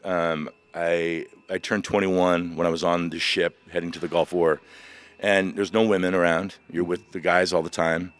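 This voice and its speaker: A man in his fifties, a veteran guest on a podcast, candidly retelling personal stories in an animated way. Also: low voice, moderate pace. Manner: animated, vivid retelling of past events.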